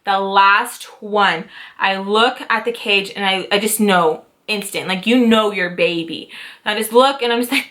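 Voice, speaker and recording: A woman in her twenties telling a story to camera in a casual vlog, animated and dramatic, with swearing and acted-out quotes. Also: on the high side, moderate pace, faint music behind. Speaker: YouTube storyteller, mother.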